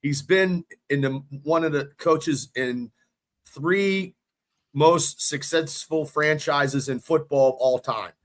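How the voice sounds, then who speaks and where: A man co-hosting a casual sports podcast, talking in an excitable, rambling way and swearing freely. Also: a little high, takes it slowly. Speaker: podcast co-host.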